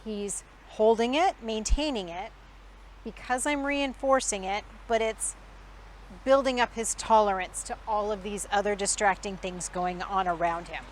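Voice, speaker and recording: A woman dog trainer teaching outdoors. She explains the training in a calm, quiet, measured way. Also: mid-range voice. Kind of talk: instructional dog training demonstration. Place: outdoors in a backyard. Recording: outdoor recording with faint background noise.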